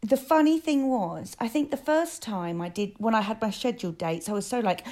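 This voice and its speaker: A woman, an actress chatting excitedly and gushing about her stage work. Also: on the high side, moderate pace. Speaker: West End musical actress, guest. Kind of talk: casual chat.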